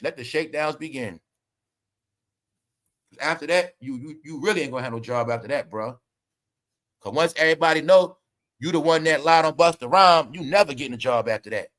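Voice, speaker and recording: Animated man hosting gossip commentary. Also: a little high, brisk, long pauses. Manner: animated, mocking, laughs often, addresses viewers as y'all. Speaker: commentary show host.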